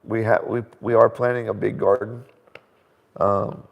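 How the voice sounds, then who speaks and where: A middle-aged man hosting a casual live question-and-answer chat at home, an animated storyteller who laughs often. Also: fairly low pitch, unhurried, vocal fry, lo-fi sound. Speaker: host. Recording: reverberant room sound.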